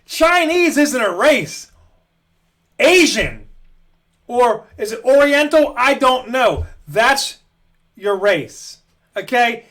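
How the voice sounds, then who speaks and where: A man's voice: very high voice, big pitch swings, slow pace, long pauses, a bit bright. A man ranting bluntly and emphatically, repeating his points in an opinion monologue. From United States. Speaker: home school dad vlogger. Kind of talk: opinion rant to camera.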